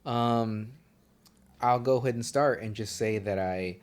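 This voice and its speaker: A man's voice: medium pitch, measured pace. A man in his thirties from Southern California, co-hosting a podcast in casual chat and joking with plenty of swearing and tangents. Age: 30s. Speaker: podcast co-host.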